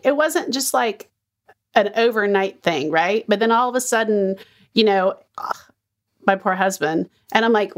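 A woman's voice: on the high side, lively intonation, normal speed. A middle-aged woman co-hosting a podcast, chatting candidly about her own experience. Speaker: podcast co-host. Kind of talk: casual chat.

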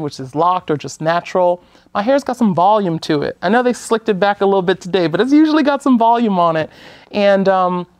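A woman from the United States speaking as a guest on an interview show, measured and earnest, sometimes restarting her sentences. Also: fairly low pitch, darkish tone, dry recording. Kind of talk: conversational talk-show interview.

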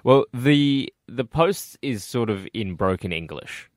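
A man's voice: mid-range voice, lively intonation, takes it slowly, no room sound, clean studio sound. A man hosting a radio comedy show, chatty and jokey.

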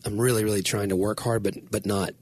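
A man with a husky, slightly breathy voice, chatting casually as a co-host. He tells rambling stories, full of restarts and filler words. The sound is close and dry, with no room around it. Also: fairly low pitch, level tone, fast talker, darkish tone, no echo. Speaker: podcast co-host. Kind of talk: casual chat.

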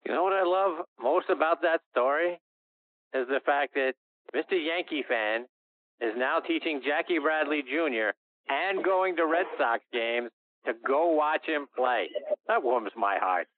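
A man's voice: on the high side, lively intonation, a little slow, no room sound. A man hosting a radio interview who leads the guest with conversational questions. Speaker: radio show host. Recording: dry narrow phone-line sound.

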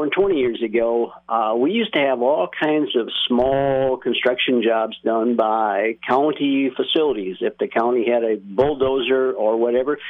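Plainspoken male caller on a phone line. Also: mid-range voice. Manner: halting, plainspoken, many fillers. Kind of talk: phone-in opinion.

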